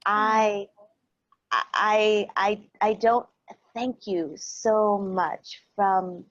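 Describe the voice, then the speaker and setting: A woman guest who is a calm coach, speaking gently and earnestly with spiritual blessings. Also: medium pitch, drawn-out words, no echo, highs cut off. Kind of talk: casual talk show chat.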